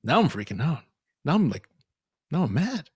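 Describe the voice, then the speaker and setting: A young man co-hosting a podcast, telling a story in animated casual chat and laughing often. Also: fairly high pitch, moderate pace, slightly rough, no room sound, clean studio sound. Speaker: podcast co-host.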